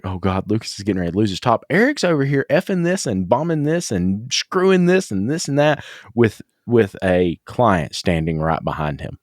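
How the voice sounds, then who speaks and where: Southern man, podcast host, low voice, very lively pitch, dry sound. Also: no echo. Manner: animated storyteller, laughs often. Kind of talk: casual chat.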